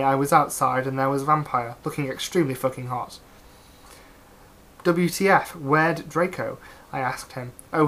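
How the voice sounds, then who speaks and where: A reader works through the text aloud in a mock-serious comedic reading. The delivery stays dry and straight-faced, broken up by wry asides. The voice sits at a middling pitch. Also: fairly bright tone. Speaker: reader of fan fiction.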